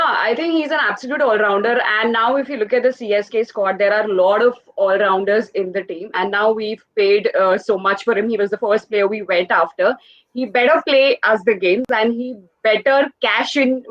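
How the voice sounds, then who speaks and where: A woman's voice: fairly high pitch, no echo. A woman speaking as a fan guest on a video call, confident and opinionated. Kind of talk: casual chat. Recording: dry, slightly dull audio.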